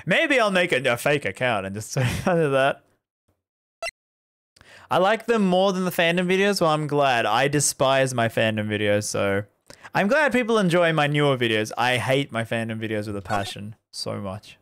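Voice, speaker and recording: A man's voice: mid-range voice, expressive, normal speed, a bit bright, clear, resonant tone. A man streaming a visual novel, chatting casually with his viewers, rambling and laughing often. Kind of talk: casual live-stream chat while playing a visual novel.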